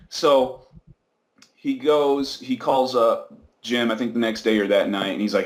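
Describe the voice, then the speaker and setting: A man with a mid-range voice tells his story as an interview guest, playing out each person's lines in a lively way. The room sounds noticeably echoey. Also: medium pitch, moderate pace. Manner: animated retelling, acts out quoted voices, laughs often.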